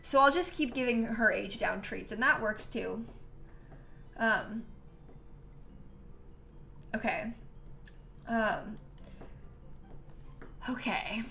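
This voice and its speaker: Bright-voiced young woman streamer. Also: a little high, slow, creaky, pauses often, soft background music. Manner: chatty, self-mocking, laughs often, reads donations aloud. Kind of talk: casual live-stream chat.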